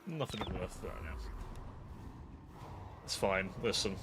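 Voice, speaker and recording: A man's voice: mid-range voice, very animated, a little slow, pauses often, fairly bright tone, slight background noise. A British man live-streaming a strategy game, chatting and thinking aloud, often cutting himself off mid-thought. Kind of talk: live gameplay commentary.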